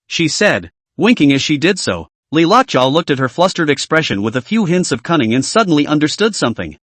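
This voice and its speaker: Man, animated narrator, lively swinging pitch, dry close sound. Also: a little fast, hardly any pauses, dry recording. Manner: animated storytelling, reads every figure himself. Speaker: recap narrator. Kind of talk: scripted story narration.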